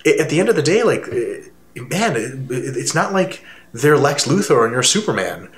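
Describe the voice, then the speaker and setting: A man co-hosting a casual fitness talk, speaking emphatically and building his voice up high when he makes a point. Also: moderate pace. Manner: animated, emphatic, swings to rising pitch when making a point. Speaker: fitness coach and co-host. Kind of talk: casual conversation. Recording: roomy echo.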